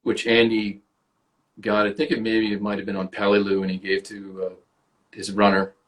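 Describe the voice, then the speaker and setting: A man's voice: on the low side, completely flat delivery, moderate pace, crowd noise. A man with a Canadian accent, an actor and guest on an interview podcast, tells casual stories and swears freely. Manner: swears freely, storytelling with acted quotes.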